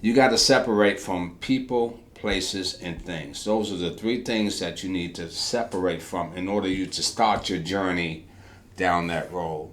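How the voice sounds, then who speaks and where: Calm, low-voiced author guest. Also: male voice, unhurried. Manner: calm, steady, frequent agreeing. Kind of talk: conversational storytelling.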